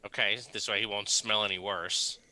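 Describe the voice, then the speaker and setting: A man narrating as game master of a tabletop game, relaxed and rambling with fillers. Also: on the low side, normal speed, background noise. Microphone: desk mic on a live stream.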